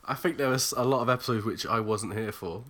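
A man's voice: mid-range voice, fast talker, fairly bright tone. A man co-hosting a podcast in casual chat, dry and rambling, laughing often. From England. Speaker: podcast co-host.

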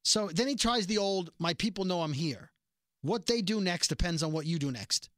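A snarky TV recap podcast host casually runs through an episode, sarcastically and animatedly acting out the scenes. The mid-range voice moves at normal speed in a dry booth recording.

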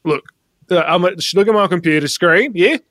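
A man's voice: high voice, a bit bright, no room sound. Man, improv comedy sketch, exasperated, swearing, dry recording. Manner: exasperated, swearing, quick accent switches.

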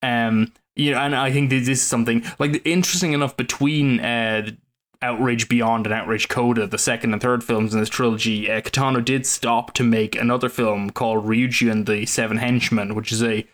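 A man's voice: mid-range voice, fairly even intonation, brisk, fairly bright tone. Rambling thoughtful man discussing films. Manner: thoughtful, rambling, many fillers and restarts. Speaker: podcast co-host. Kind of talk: casual film discussion.

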